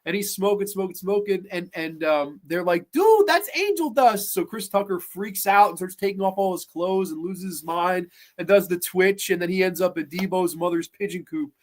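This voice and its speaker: Profane, animated man recapping movies. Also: high voice, moderate pace, hardly any pauses. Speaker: podcast host. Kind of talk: casual movie chat.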